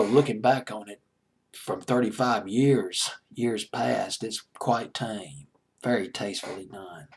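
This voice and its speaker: A middle-aged man with a gravelly, husky voice chats through his own music countdown. He rambles, corrects himself as he goes and chuckles now and then. His pitch sits in an ordinary middle range. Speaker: music video host. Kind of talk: casual countdown chat.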